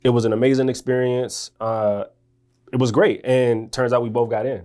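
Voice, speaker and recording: A man from Washington, D.C., a guest author and musician, telling long stories in a relaxed way. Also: mid-range voice, moderate pace. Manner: laid-back, talks in long rambling stories. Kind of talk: casual interview storytelling.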